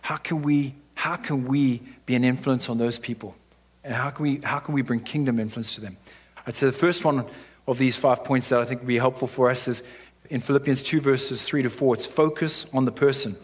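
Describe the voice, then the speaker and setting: A man's voice: medium pitch, steady tone, a little fast, breathy edge. A man preaching a sermon to his church in a conversational way, often checking in with "right?".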